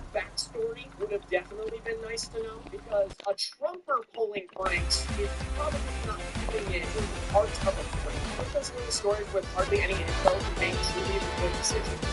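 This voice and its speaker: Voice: medium pitch, a little fast, hardly any pauses, loud music behind the voice, low-quality recording. A streamer in casual, profane commentary, reading posts aloud and chatting with viewers. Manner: animated and profane, lots of filler "like". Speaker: streamer reacting to online posts with chat.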